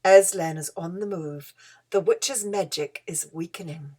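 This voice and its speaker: A woman playing a huge, glad old Father Christmas, speaking slowly with a solemn weight. Each word is measured and warm with quiet gladness, like a storybook figure arriving at last. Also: lowish voice, voice pushed down. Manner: slow, grave and deliberate.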